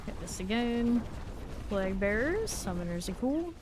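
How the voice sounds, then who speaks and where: A woman's voice: mid-range voice, sing-song, measured pace, noisy background. A woman streaming a game live, chatting casually and narrating her moves with small laughs. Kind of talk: casual live gameplay commentary.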